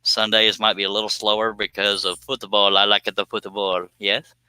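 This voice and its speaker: A man's voice: fairly low pitch, flat delivery, normal speed, pushed and bright, clean tone, no echo. A man with a Southern US accent chatting casually to viewers on a phone live stream, rambling and self-deprecating with frequent chuckles.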